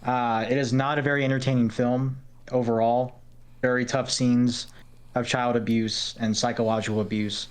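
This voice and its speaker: Smooth-voiced man giving blunt film verdicts. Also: medium pitch, level tone. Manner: frank, blunt, measured. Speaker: podcast co-host. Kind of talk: casual film review chat.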